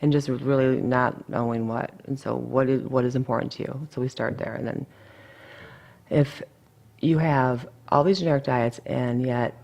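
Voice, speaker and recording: Woman, dietitian, gravelly voice, blunt, chatty interview talk. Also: extremely low pitch, fairly even intonation, normal speed, darkish tone. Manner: blunt, chatty, full of asides. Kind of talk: casual interview.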